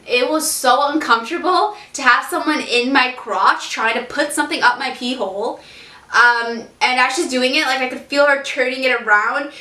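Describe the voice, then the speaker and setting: High bright woman telling a candid story. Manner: frank and chatty, swears casually, laughs often. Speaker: vlogger. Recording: roomy, from a distance off the mic.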